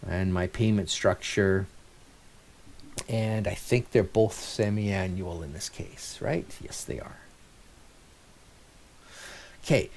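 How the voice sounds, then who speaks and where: A middle-aged man teaching a recorded finance lecture, talking things through in a conversational way and checking in with rhetorical questions. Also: medium pitch. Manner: animated, conversational, thinks aloud with rhetorical checks. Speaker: instructor.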